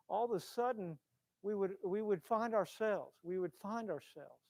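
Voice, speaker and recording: Impassioned high-voiced male preacher. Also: dry recording. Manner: impassioned, swings from loud to hushed, repeats phrases. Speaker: pastor. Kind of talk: sermon. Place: church.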